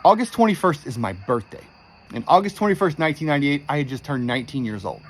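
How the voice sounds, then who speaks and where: A man's voice: fairly high pitch, very animated, quick pace. A man in his forties intensely retelling a frightening true story, with frequent swearing. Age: 40s. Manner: intense, profane, shaken retelling. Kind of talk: first-person true story.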